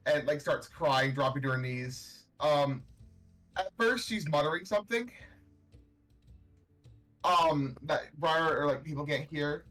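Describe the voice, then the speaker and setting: A man's voice: on the high side, takes it slowly, long pauses, a bit bright, faint music behind, low-quality recording. A man narrating as game master in a tabletop game, loose and full of fillers. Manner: loose, filler-heavy storytelling.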